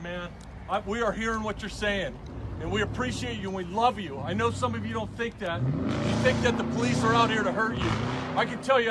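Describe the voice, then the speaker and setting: A police officer addresses protesters in the open air, his voice sitting very high for a man. He talks earnestly and reassuringly, circling back to the same points. The recording is noisy, caught outdoors on the street. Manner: earnest, reassuring, repeats himself.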